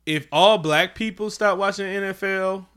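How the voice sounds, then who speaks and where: A man co-hosting a casual comedic chat at home, animated and profane, often slipping into mocking quoted voices. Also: sits high, normal speed, clean tone. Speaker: podcast co-host.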